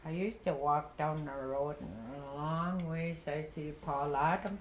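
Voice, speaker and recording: An older woman, reminiscing softly with frequent pauses and warm laughs. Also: low voice, steady tone. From Inuvialuit Settlement Region, Canada. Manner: soft-spoken, pauses often, laughs warmly. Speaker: Elder storyteller. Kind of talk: relaxed reminiscing. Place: workshop room. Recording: echoey room, distant mic, faint hum.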